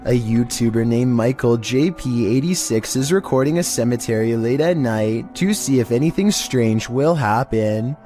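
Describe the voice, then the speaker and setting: A man hosting and narrating a scripted countdown in a steady monotone delivery. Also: medium pitch. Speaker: host and narrator.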